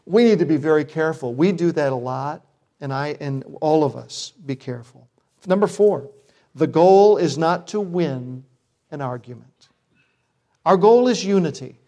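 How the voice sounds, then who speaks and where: A man's voice: on the high side, darkish tone. A middle-aged man preaching a sermon as pastor, earnest, with self-deprecating humor.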